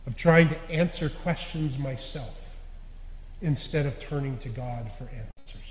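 A man giving a sermon as a lay preacher, earnest and confessional, pressing hard on some words and dropping to a hush at line ends. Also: mid-range voice, a little slow, a little hiss or hum. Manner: earnest, confessional, swinging between loud stresses and quiet endings. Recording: echoey hall with long reverb.

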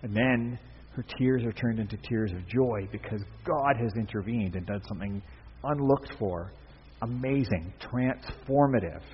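A man's voice: mid-range voice, moderate pace, a little hiss or hum. A man giving a sermon as pastor, speaking in a conversational, emphatic way with repeated phrases. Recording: dull, echoey hall recording.

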